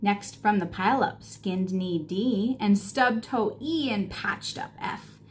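A woman reading a picture book aloud to children, playful and expressive, sometimes dropping to a whisper and sometimes rising in excitement. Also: medium pitch, slow pace. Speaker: children's storybook reader.

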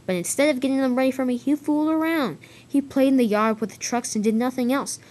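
A woman's voice: mid-range voice, animated, brisk, lightly acted. A woman voicing a boastful, grumpy big male engine in a toy train story, talking in a huffy, defensive way.

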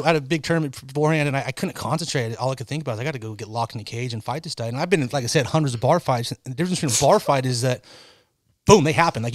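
A man's voice: on the high side, fairly bright tone, dry recording. A man from Northern California telling rambling, profanity-laced stories as a guest on a casual podcast. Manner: profane, rambling storyteller, swears constantly. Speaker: guest, angler and former amateur fighter.

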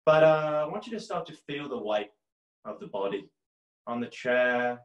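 A man impersonating a calm male meditation guide, speaking slowly and gently. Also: medium pitch, roomy sound, dull audio, voice pushed down, natural voice. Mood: soothing. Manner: slow, gentle, drawn-out guided meditation delivery.

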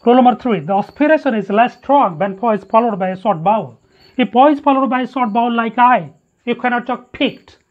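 Speaking fast at medium pitch, an English teacher leads a phonetics lesson captured in a dull lo-fi recording. Each example word is drilled individually, with wrong pronunciations corrected along the way.

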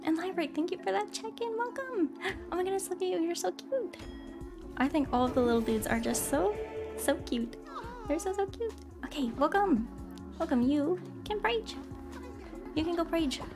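High-voiced bubbly woman streamer over music. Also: expressive, normal speed. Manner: bubbly, apologetic, greets chatters by name. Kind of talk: casual live-stream chat while gaming. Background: game music.

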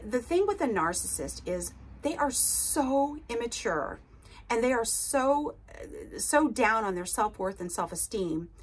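A woman's voice: medium pitch, fairly bright tone, breathy edge. A woman hosting an advice podcast as a recovery coach, talking casually and emphatically and often checking in with "okay?" and "right?". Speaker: podcast host and narcissistic abuse recovery coach. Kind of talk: casual advice talk to listeners.

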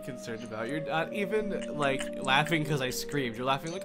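A man's voice: on the high side, expressive, normal speed, over music. A young man giving jumpy horror game commentary, swearing a lot and shrieking in panic. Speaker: let's play gamer.

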